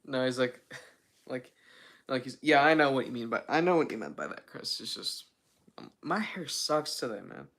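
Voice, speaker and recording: Bright-voiced young man rambling on a livestream. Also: medium pitch, animated, moderate pace, gravelly. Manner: rambling, filler-heavy, self-mocking. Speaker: livestream host. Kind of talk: casual livestream chat.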